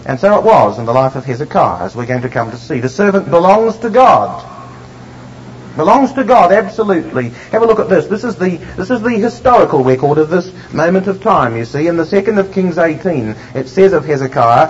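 A man preaching a sermon, emphatic and slowing down to stress the scripture he reads. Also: on the high side, animated, slight background noise. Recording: dull lo-fi recording.

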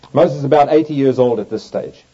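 A man's voice: medium pitch, moderate pace, mellow. Man preaching scripture, dull lo-fi sound. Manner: reads scripture aloud with emphatic, swooping delivery. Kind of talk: Bible teaching sermon. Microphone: overhead projector in use, lecture setting. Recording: dull lo-fi recording.

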